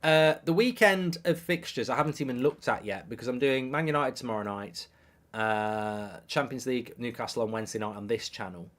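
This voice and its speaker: Excitable man hosting a football watchalong. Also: medium pitch, a little fast. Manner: excitable, reads viewer messages aloud, repeats himself. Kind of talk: live match commentary and chat with viewers.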